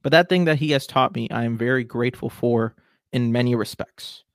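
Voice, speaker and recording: A man's voice: mid-range voice, brisk, no echo, studio quality. A man in his twenties hosting a solo podcast, talking casually and with strong opinions. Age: 20s. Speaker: podcast host.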